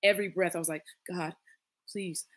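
A woman's voice: on the low side, steady tone, normal speed. A woman in her late thirties, a podcast guest, telling a personal story in casual conversation, earnest and acting out the voices of others. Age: late 30s.

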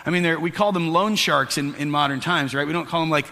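Guy pastor preaching, bright tense voice, kinda high, big echoey church sound. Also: fast, gravelly. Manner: animated storytelling with voiced asides. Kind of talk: sermon. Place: church sanctuary. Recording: echoey hall with long reverb.

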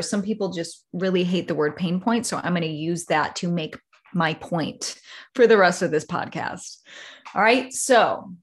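A woman hosting a solo podcast, talking casually and rambling, with many fillers and acted-out examples. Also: on the low side. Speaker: podcast host.

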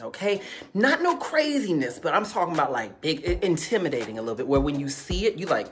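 A woman telling a candid story to her viewers in a casual, animated way, calling them honey and baby and repeating phrases for emphasis. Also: fairly low pitch, fairly quick, faint music behind.

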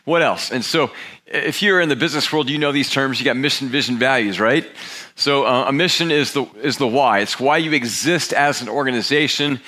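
Older pastor guy in his 60s, bright ringing voice, chatty and candid, lots of restarts. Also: medium pitch. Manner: conversational, candid, halting with restarts. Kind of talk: sermon. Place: church sanctuary.

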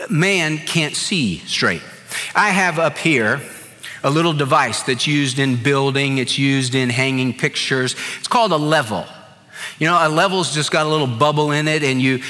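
A middle-aged man preaching a sermon as a pastor, telling stories and acting out quotes with lively energy. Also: sits high. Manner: animated storytelling with acted-out quotes. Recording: long hall reverb.

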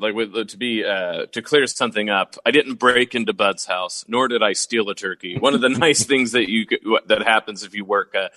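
A man's voice: fairly low pitch, sharp tone, dry recording, low-quality recording. A man co-hosting a radio talk show, joking easily with his co-host and addressing listeners as folks. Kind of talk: casual radio talk chat. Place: studio.

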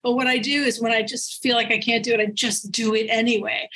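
A woman, an author being interviewed, telling stories in an animated way and laughing often as she talks. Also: on the high side, brisk, slightly rough, poor audio. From United States. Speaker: author guest. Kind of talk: casual interview storytelling.

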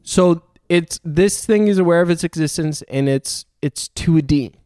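A man's voice: fairly high pitch, measured pace, dark tone, smooth, dry recording, clean studio sound. A young man telling a long story in casual chat, swearing often and laughing as he goes.

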